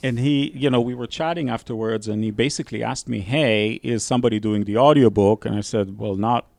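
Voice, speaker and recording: A man's voice: mid-range voice, brisk, creaky, a little mellow, no echo. A man, a guest author on a podcast, telling stories in a casual chat and often restarting his sentences. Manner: storytelling, restarts mid-sentence.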